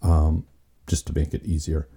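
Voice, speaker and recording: A man being interviewed as a guest on a podcast, relaxed and plainspoken. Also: extremely low pitch, moderate pace, slightly rough. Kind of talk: casual interview.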